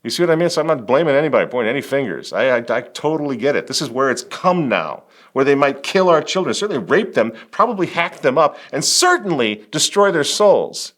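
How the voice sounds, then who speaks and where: A man's voice: medium pitch, sing-song, a little fast, few pauses, fairly bright tone. A man hosting a religious political commentary, talking emphatically with biting sarcasm and wry laughs. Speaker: host.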